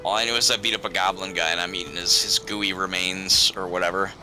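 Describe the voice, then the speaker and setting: A man in casual, rambling gaming chat with friends, quick to joke. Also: low-pitched, fairly even intonation, pushed and bright, soft background music. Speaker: gamer streaming with friends.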